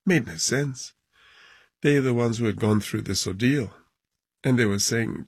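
In a documentary interview, a football club chairman recounts events haltingly and with emotion, his voice sometimes dropping low. It sounds slightly rough, and the recording is dry.

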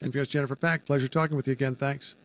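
A man's voice: mid-range voice, fairly even intonation, very fast. A man anchoring a radio news program, speaking conversationally with wry asides as he introduces reporters and guests.

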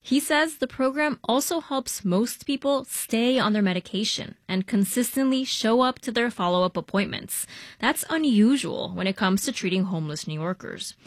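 A woman's voice: a little high, dry recording, clean studio sound. Woman reporter. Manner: measured, even delivery. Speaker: radio news reporter. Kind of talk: scripted news narration.

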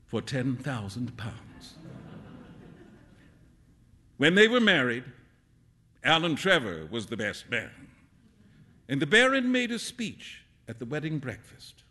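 A man performing a classic short story aloud for a live audience, voicing the characters. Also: medium pitch. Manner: lively, shifts voice for characters. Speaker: stage reader.

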